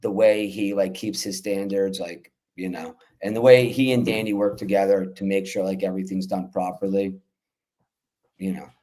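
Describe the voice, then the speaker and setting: A man's voice: low voice, fairly even intonation, normal speed, mellow. A man, a festival organizer guest, telling loose stories with fillers and cursing over a remote call. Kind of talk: casual podcast chat.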